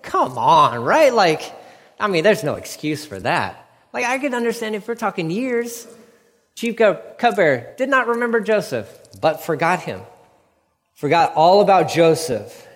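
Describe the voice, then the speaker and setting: A man preaching a sermon in an animated way, acting out the biblical figures with quick quips. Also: fairly high pitch. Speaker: pastor. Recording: long hall reverb.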